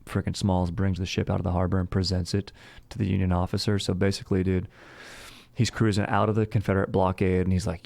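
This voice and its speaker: Chill dude telling a history story, super slangy, deep gravelly voice, dry close sound. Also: male voice, level tone, fast talker, a little mellow, no echo. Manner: slangy and laid-back, says "dude" and "frickin'" a lot; rambling, with many fillers and restarts.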